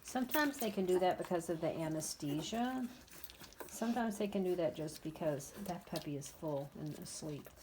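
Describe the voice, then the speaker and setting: A woman's voice: on the low side, animated, moderate pace, a little mellow, slight background noise. A woman in her fifties, a dog breeder, chatting casually and bluntly about her puppies at her kennel, with exasperated asides. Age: 50s. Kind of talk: casual vlog chat.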